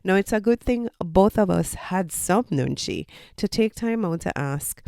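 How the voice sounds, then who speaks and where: A woman's voice: medium pitch, animated, a little slow, creaky, darkish tone, no room sound, clean studio sound. A Jamaican woman, a podcast host and college lecturer, giving casual advice in an explanatory, teacherly way. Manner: explanatory, teacherly, with personal anecdotes.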